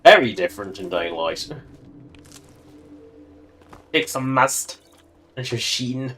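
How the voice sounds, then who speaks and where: A man's voice: mid-range voice, expressive, slow, a bit bright, soft background music. A man giving casual, joking commentary while livestreaming a game and talking to its characters. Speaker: streamer.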